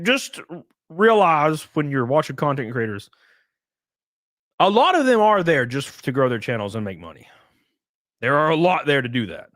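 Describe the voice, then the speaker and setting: Male streamer, lively pitch, dry close sound, loose chatty delivery with swearing and laughs. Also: no room sound. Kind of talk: casual live-stream chat.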